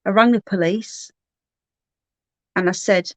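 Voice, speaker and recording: A middle-aged woman talks candidly on her own livestream, often restarting her sentences. She sits close to the mic in a dry room with no echo, and her pitch sits right in the middle of the range. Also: steady tone, slow pace. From Birmingham, England. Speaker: livestream host. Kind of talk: casual livestream chat, reading comments.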